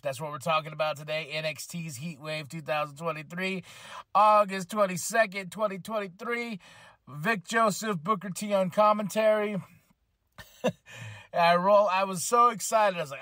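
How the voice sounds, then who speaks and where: A man hosting a casual wrestling podcast, telling animated stories with laughs and acted-out quotes. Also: high-pitched, normal speed, dry recording, clean studio sound. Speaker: podcast host. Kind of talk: casual wrestling recap chat.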